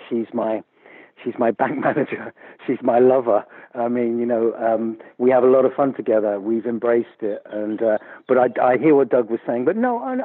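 A man's voice: mid-range voice, slightly rough, no room sound. A man, a musician guest in a casual interview, talking candidly and chatty with a self-deprecating tone over a phone line. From England.

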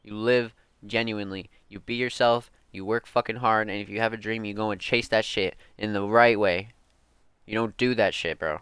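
A young music podcast host with a fairly low, fairly even voice rants casually and heatedly at normal speed, swearing a lot and peppering his talk with "like" and "bro." His tone is a bit bright, clear, and resonant, with no room sound.

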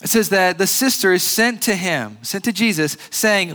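A man preaching a sermon as pastor, earnest and measured, pausing and restarting often. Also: sits high, animated, sharp tone. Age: adult with a grandfather recently passed.

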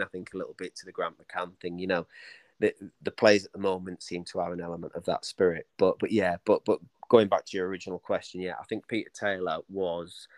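Man, lowish voice, rambling stories. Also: no echo. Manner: rambling storyteller with many restarts, acting out quoted voices. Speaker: author and interview guest. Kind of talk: casual podcast interview.

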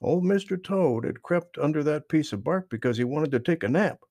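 A man narrating a children's book aloud, with expressive storytelling and lively emphasis. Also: on the high side, moderate pace, dry recording.

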